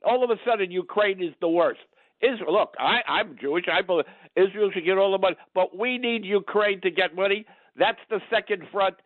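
A man's voice: high-pitched, fairly quick, dry recording. An older man calling in to a radio talk show over the phone, blunt, rambling and indignant. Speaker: caller. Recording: tinny phone line.

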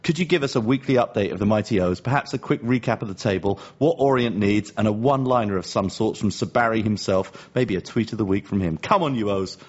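A man's voice: lowish voice, fast talker, few pauses, darkish tone, dull audio. A man co-hosting a podcast, chatting casually with dry, teasing banter. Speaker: podcast co-host. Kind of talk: casual chat.

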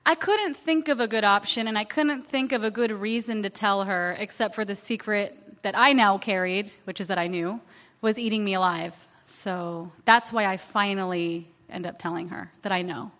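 A woman's voice: medium pitch, normal speed, a bit bright, long reverb tail. A woman guest in an interview, candidly telling a personal story in a chatty, self-deprecating way.

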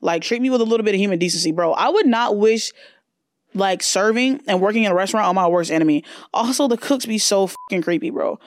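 A woman hosting her own podcast, chatting in a brash, profane, animated way. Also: medium pitch, quick pace, no echo. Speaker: podcast host. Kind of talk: casual solo podcast chat.

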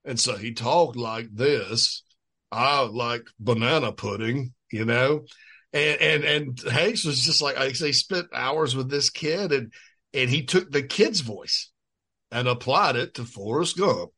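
A man co-hosting a sports podcast, talking in a folksy, quick way full of restarts. His tone is bright and forward, at a middling pitch. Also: animated, husky. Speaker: co-host. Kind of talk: casual sports podcast chat.

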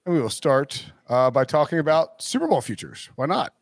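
A man hosting a sports podcast, talking in a loose, rambling way full of fillers and restarts and chuckling often. His voice sits fairly high for a man. The sound is dry and close, with no room around it. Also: sing-song, fairly quick, dry recording. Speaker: podcast host. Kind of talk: casual sports podcast chat.

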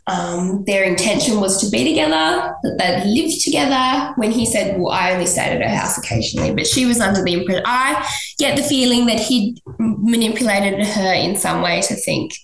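A woman guest on a podcast, telling a personal story in an animated way and jumping high in pitch when she quotes people. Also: measured pace, vocal fry. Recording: echoey room.

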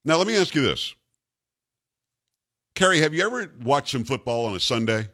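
A man's voice: medium pitch, sing-song, normal speed, fairly bright tone. A man hosting a talk radio show, making his points with rhetorical, emphatic questions to his co-host.

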